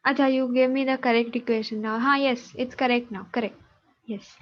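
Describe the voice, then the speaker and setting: Woman, math teacher online, patient and encouraging, raised pitch, dull call sound. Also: steady tone, a little fast. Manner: patient, checking students' answers aloud.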